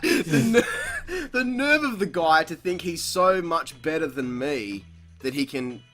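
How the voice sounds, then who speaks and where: A young man, hosting a podcast and telling a story in casual chat. He swears freely, laughs a lot and shouts out the lines he quotes. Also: fairly high pitch, expressive, measured pace, music in the background. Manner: profane, laughs often, acts out quotes loudly. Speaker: podcast host.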